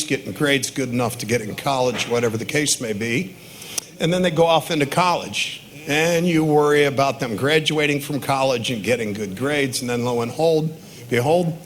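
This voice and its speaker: A man's voice: medium pitch, fairly bright tone. 60s dad doing a wedding toast, storytelling, laughs at his own jokes. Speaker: father of the bride giving a toast. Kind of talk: wedding reception speech.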